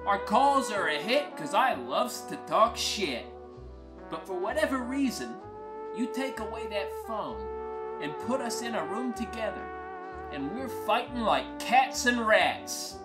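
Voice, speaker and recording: Slow, wry woman storyteller over guitar. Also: medium pitch. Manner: crude, wry, deadpan. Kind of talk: first-person comic monologue over music. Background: acoustic guitar music.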